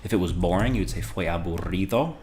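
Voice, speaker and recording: A man with a very deep, low voice talks through a beginner lesson in a relaxed, conversational way. He slows down to model each phrase clearly. Faint room noise and keyboard typing sit quietly in the background. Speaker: Spanish teacher. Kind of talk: casual video lesson.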